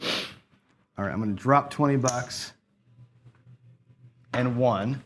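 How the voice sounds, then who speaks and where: A man's voice: mid-range voice, slow. A man casually narrating his own craps game, counting chips and muttering frustrated asides to himself. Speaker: craps channel host. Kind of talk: casual play-by-play while gambling.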